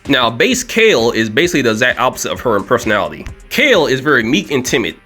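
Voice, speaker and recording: Fast-talking animated man joking. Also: soft background music. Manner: animated, joking, swings up in pitch for emphasis. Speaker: video commentator. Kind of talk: casual comedic commentary.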